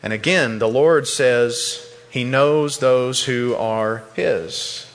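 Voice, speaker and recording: A man's voice: medium pitch, slow pace. A man preaching a sermon in a church, earnest and repeating words when he stresses a point. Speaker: pastor. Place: church sanctuary. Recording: long reverb in a large hall.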